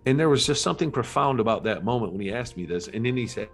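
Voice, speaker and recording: A middle-aged man, a podcast guest, telling his life story in a candid, earnest and reflective way, with halting restarts. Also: medium pitch, lively intonation, soft background music.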